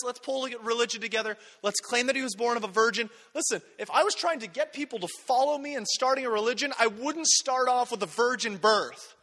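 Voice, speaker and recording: A man's voice: very high voice, a bit bright. A man preaching a sermon as pastor, talking in a conversational, self-deprecating way and acting out quotes. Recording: long hall reverb.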